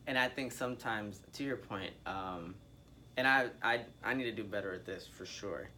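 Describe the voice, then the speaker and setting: A man's voice: lowish voice, normal speed, sharp tone, slight background noise. Candid man in casual discussion.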